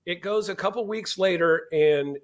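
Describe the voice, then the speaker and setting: A middle-aged man telling a family story as a podcast guest, animated and acting out the dialogue. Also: high-pitched, moderate pace. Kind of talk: storytelling in casual interview.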